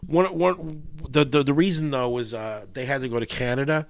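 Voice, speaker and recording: A man's voice: medium pitch, moderate pace, no echo. A man as a podcast guest, telling rambling, swear-laden stories and acting out what others said. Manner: rambling storyteller acting out quotes, swears freely. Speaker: guest guitarist. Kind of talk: casual podcast interview.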